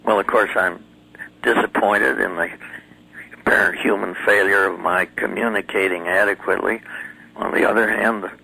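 A man's voice: fairly low pitch, fairly even intonation, normal speed, gravelly, bright, forceful tone, slightly rough, no echo, poor audio. A man giving earnest testimony as an interview guest, telling his story vividly and dramatically. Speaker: guest recounting a near-death experience.

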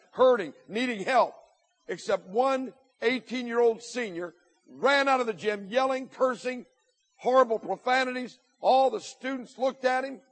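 A motivational speaker from Indiana who talks at school assemblies tells his story emphatically to students in a very high voice, using repeated lists and acted-out quotes. The recording is rough.

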